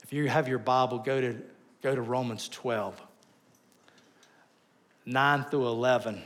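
A male pastor delivers a sermon in a voice of ordinary middle pitch. He tells stories with animated swings, rising into loud bursts and then dropping to soft, quiet asides. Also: measured pace.

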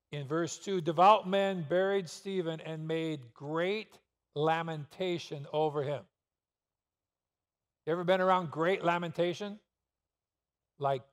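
A man pastor preaching a sermon in a church, asking rhetorical questions and pressing points with sudden emphasis. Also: on the high side. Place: church sanctuary. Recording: long reverb of a church hall.

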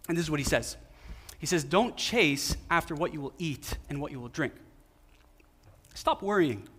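A man's voice: on the high side, a bit bright. A male pastor giving a sermon, repeating key phrases and asking the audience questions. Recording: long hall reverb.

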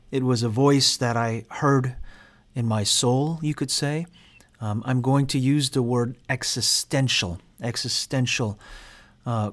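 A man in his forties, a seminary instructor, giving a lecture and telling his own story of being called, earnest and self-deprecating. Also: medium pitch. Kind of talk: personal testimony in a lecture.

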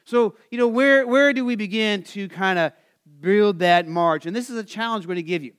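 A male pastor preaching a sermon, asking the congregation to answer back, rising animated and then dropping soft at phrase ends. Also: sits high, fairly quick, clean tone. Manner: asks the congregation for call-and-response answers.

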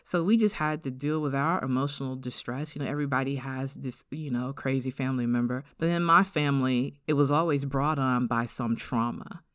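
A middle-aged woman with an African-American English accent hosting a podcast, giving an earnest, reflective personal testimony and slowing down to stress key words. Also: very deep voice, no room sound, studio quality. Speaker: podcast host.

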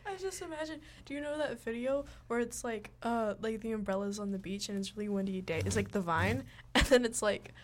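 A woman's voice: fairly high pitch, brisk, hardly any pauses. A teenage girl co-hosts a radio show from a studio, chatting loosely and giggling between thoughts. She rambles through many fillers and restarts. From Minnesota. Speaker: co-host. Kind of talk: casual radio chat.

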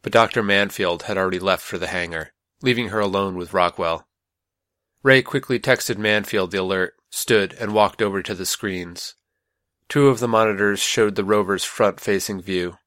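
Deep-voiced man narrating an audiobook. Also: moderate pace, fairly bright tone, no echo, clean studio sound.

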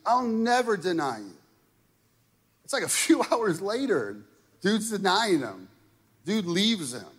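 Casual preacher in a reverberant hall. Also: male voice, sits high, very animated, slow pace, slightly rough. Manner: conversational preaching with frequent rhetorical "right?" and "okay?". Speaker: pastor. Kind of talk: sermon.

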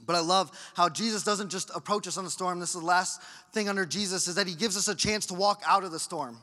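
A man preaching a sermon as a pastor, acting out quoted voices and moving between loud bursts and hushed lines. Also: sits high, quick pace. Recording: hall reverb.

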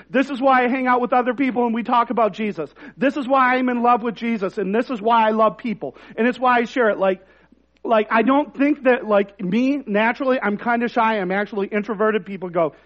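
A man's voice: very high-pitched, fairly bright tone, lo-fi sound. A man preaching a sermon in a conversational, self-deprecating way that rises to emphatic points. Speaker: pastor.

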